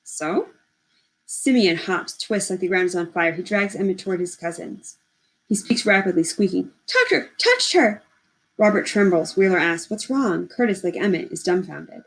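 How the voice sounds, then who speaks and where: A woman reads a novel aloud, measured and steady, in a lowish voice. Short lines land one after another in an even telling. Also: poor audio. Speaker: audiobook reader.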